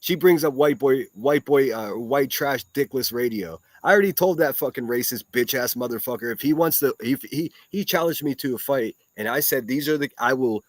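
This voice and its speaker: A combative man hosts a solo livestream, firing off profanity and mocking insults at his critics. His voice sits at an ordinary middle pitch. The sound is close and dry, with no room around it. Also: moderate pace, hardly any pauses, no room sound. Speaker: solo livestream podcast host. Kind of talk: ranting commentary reacting to clips.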